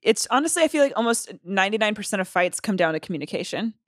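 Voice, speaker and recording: A woman's voice: mid-range voice, lively intonation, fast, no room sound, clean studio sound. Blunt, teasing woman podcast co-host. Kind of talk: casual podcast chat.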